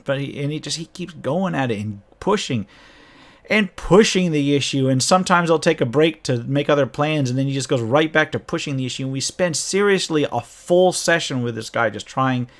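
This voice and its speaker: A man recounting a tabletop campaign as its game master, in casual storytelling, animated and often jumping into his players' voices. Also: a little high, moderate pace. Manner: animated, acts out quoted players in a raised voice.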